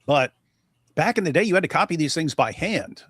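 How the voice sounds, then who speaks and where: A man's voice: on the high side, lively intonation, a little fast, a bit bright, slightly rough, no room sound, studio quality. A man from the United States hosting a casual live-stream, talking in a blunt, mocking way. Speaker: host.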